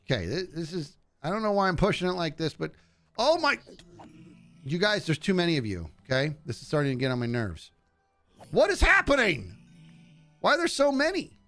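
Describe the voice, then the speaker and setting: Soft music plays behind a gaming streamer whose voice is fairly high and whose pace is fairly quick. Live-streaming a video game, he chats casually, animated and jokey, taunting the on-screen enemies while he plays.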